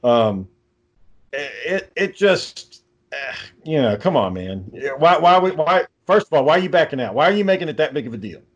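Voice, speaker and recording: Profane rambling podcast host. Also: male voice, fairly high pitch, sing-song, moderate pace, lo-fi sound. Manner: profane, rambling, reads out texts. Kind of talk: casual podcast chat.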